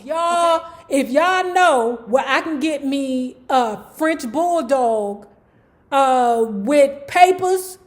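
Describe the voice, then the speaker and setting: A woman telling celebrity gossip and stories in a chatty, slangy, animated way. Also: high-pitched, a little slow. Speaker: YouTube gossip commentator. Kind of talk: casual gossip storytelling.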